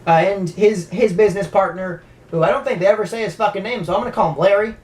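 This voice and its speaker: A woman's voice: medium pitch, fast, a little mellow, slight background noise. A woman casually recapping a horror movie, rambling, stammering often and swearing freely. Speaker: movie reviewer.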